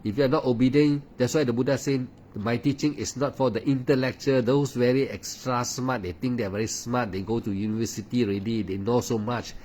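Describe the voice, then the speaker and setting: A man's voice: mid-range voice, steady tone, brisk, few pauses, a little mellow, slight background noise. A man giving a meditation talk as a teacher, insistent and repetitive, often asking "huh?". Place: at home late at night.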